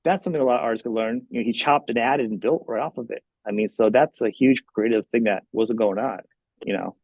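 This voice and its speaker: A man hosting a podcast interview, talking in a rambling, animated way with many restarts. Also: mid-range voice, fast talker, breathy edge, no room sound, lo-fi sound. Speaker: podcast host. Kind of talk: casual interview chat.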